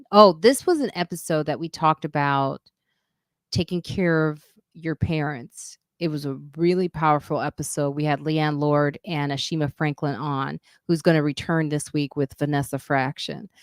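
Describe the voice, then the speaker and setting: A woman's voice: sits low, normal speed, clear, resonant tone, no echo, studio quality. A woman hosting her own podcast live stream, rambling through asides and emphatic comments in casual chat.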